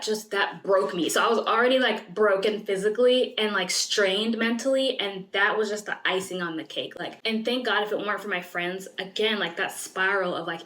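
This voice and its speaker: A woman's voice: fairly low pitch, fairly bright tone, slight background noise. A woman in her twenties, a medical student, telling a personal story in a candid, earnest vlog with many "like" fillers. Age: 20s. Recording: roomy echo.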